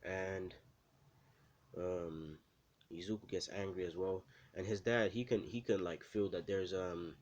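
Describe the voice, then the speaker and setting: A man's voice: sits low, fairly even intonation, unhurried, darkish tone, muffled recording. A man casually telling a made-up story, rambling with lots of fillers and restarts.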